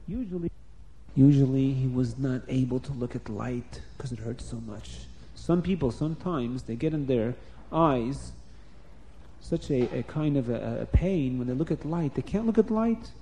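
A man telling a story to children, animated and stopping to explain words. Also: medium pitch, normal speed.

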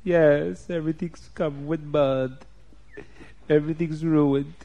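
A man puts on a grief-stricken homeowner in a storyteller's tale, a man who is tearful and lamenting and pours out his distress over his ruined house. His voice is pitched somewhat high. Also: steady tone, measured pace, creaky, mellow, lo-fi sound. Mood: tearful apology.

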